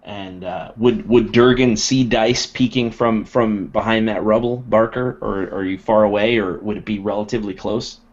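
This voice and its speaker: A man describing his character's actions in a tabletop game, laughing often in relaxed table talk. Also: fairly low pitch, moderate pace, few pauses. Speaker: player. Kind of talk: tabletop role-play narration. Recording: dull lo-fi recording.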